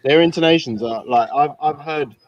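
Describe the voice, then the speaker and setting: A man's voice: on the high side, moderate pace, dry recording, highs cut off. Guy w dry close sound, curious, tells stories, casual chat. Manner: curious, tells anecdotes, mimics accents.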